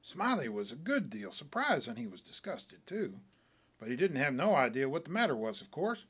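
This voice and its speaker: A man spins a frontier tall tale in an animated, folksy storytelling manner. His voice sits slightly high and swings widely in pitch, bringing the yarn to life. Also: moderate pace, slightly rough. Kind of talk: dramatic reading of a short story.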